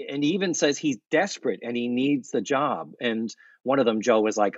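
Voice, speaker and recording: A husky-voiced man co-hosts in a casual recap chat, rambling and animated. The sound is dry and a bit dull and lo-fi. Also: mid-range voice, moderate pace, few pauses, no room sound. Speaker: podcast co-host.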